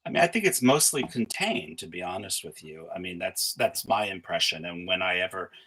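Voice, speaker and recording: Brief: middle-aged male academic guest, low husky voice, tense delivery, halting and reflective. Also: expressive, sharp tone, low-quality recording. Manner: thoughtful, halting, many restarts and fillers. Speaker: guest scholar. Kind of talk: conversational interview.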